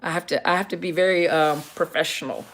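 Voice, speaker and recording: A woman's voice: fairly low pitch, steady tone, fast talker. Chatty woman hosting a live Q&A. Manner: chatty, greets viewers by name, restarts sentences. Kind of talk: casual livestream Q&A, reading viewer comments.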